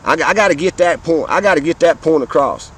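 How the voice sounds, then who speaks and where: A man's voice: a little high, animated, a little fast, a bit bright, breathy edge, poor audio. Fired-up Southern man in his fifties. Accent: Southern American. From Southern United States. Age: 50s. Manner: impassioned, rambling, profane, repeats himself. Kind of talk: casual monologue to camera. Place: outdoors.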